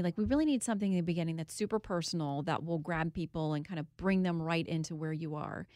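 A woman's voice: fairly low pitch, no echo, studio quality. Candid woman telling a personal story. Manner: earnest, candid storytelling with laughs. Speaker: guest, author and TV host. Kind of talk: interview.

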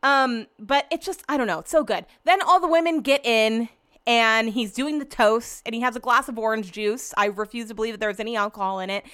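A young woman hosts a casual solo podcast, gushing in a bubbly way and sprinkling her talk with lots of "like" and "um." Her voice is on the high side, brisk, fairly bright, and clean.

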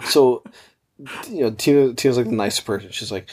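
A man's voice: medium pitch, a little fast, a little mellow. A man in his thirties casually telling a long, profane story, with frequent laughs, as a podcast co-host. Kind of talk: casual chat.

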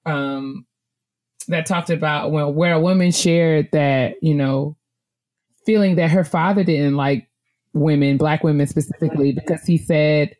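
A woman's voice: deep voice, steady tone, unhurried, a little mellow. A woman co-hosting a book club chat, talking casually, laughing often and repeating herself when she gets worked up.

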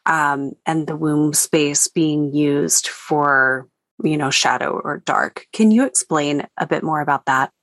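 A woman podcast host asking calm, unhurried interview questions, with fillers. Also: sits low, dry recording, clean studio sound.

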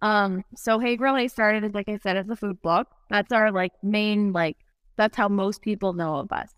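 A woman's voice: medium pitch, steady tone, moderate pace, smooth, no echo. Woman, conversational, laughs easily, mid-range voice, dry recording. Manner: chatty, laughs often. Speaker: barbecue food blogger and brand founder. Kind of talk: casual interview conversation.

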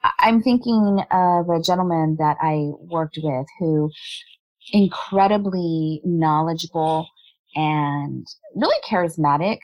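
A woman in a remote interview, a body language specialist, explaining her points in a lively way and laughing often. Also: deep voice, slow, highs cut off. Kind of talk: conversational interview.

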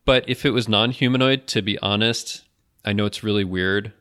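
A man hosting a podcast in a casual, good-natured way, laughing often. His voice sits a little low but sounds strikingly bright and forceful. He keeps the chat easy and friendly. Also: normal speed. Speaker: podcast host.

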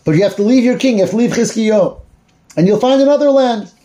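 A man's voice: high voice, animated, quick pace, warm tone, voice pushed up. A man voicing a taunting, boastful envoy. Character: arrogant male royal envoy, mocking and threatening.

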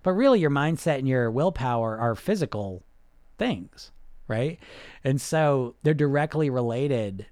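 A man talks straight to his viewers as a weight-loss coach, quick and animated, piling up fillers and restarts. His voice sits at an ordinary middle pitch. The sound is dry and close, with no room around it. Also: no room sound. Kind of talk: casual direct-to-camera talk.

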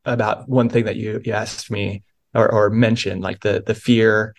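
A man's voice: fairly low pitch, little pitch movement, normal speed, creaky. A man, a pastor and author, earnestly telling a personal story of faith in a podcast interview, with many restarts.

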